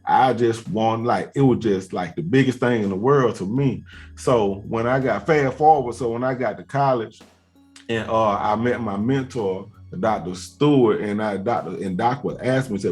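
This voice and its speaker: A man's voice: lowish voice, moderate pace, a little mellow, faint music behind. Laid-back man spinning a long story. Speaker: host. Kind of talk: casual chat, storytelling.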